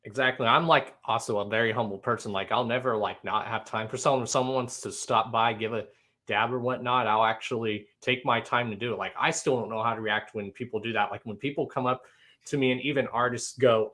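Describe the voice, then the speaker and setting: Easygoing male podcast host, bright clear tone, ordinary pitch. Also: steady tone. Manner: easygoing, agreeable, quick affirmations. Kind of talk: casual chat on a livestream podcast.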